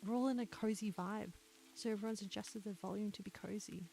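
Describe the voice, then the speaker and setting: A young woman streamer chatting softly and reading poems aloud in a breathy, near-whispered voice through a retro telephone-style mic filter. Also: medium pitch, steady tone, brisk, a little hiss or hum. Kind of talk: casual chat and poetry reading. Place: home streaming room. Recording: filtered lo-fi mic with faint rain.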